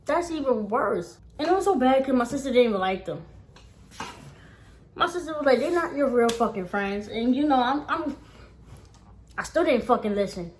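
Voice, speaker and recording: A woman's voice: high voice, expressive, moderate pace, pauses often, a little hiss or hum. Profane, emphatic young woman vlogger. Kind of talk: casual storytime chat.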